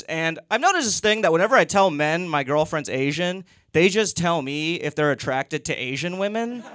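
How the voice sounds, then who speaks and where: A man's voice: fairly high pitch, fairly bright tone. A young man doing a stand-up set in a comedy club, telling stories in a dry way and acting out quotes on a stage mic.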